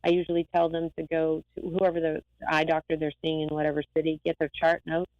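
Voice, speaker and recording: A woman eye doctor talking as a guest in a lively, rambling, emphatic way. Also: low-pitched, fast talker, dry recording, highs cut off. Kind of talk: casual interview talk.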